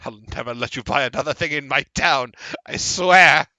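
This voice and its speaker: A man voicing a hot-tempered old male merchant with a drinking problem, yelling his lines in a shrill raised voice. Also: normal speed. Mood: furious.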